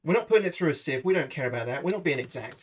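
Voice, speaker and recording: Very fast and animated, with a high-leaning voice, a British livestream host chats casually with viewers while cooking in his home kitchen, swearing freely. Slight background noise is audible.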